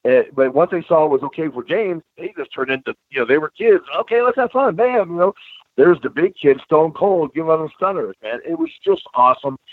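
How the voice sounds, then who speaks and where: A man's voice: fairly high pitch, a little fast, no room sound. A man in his sixties, a retired wrestler, telling stories casually in an interview and saying "bro" and "man" a lot. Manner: animated storyteller, says bro and man a lot. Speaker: guest, retired pro wrestler. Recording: tinny phone-like line, dry.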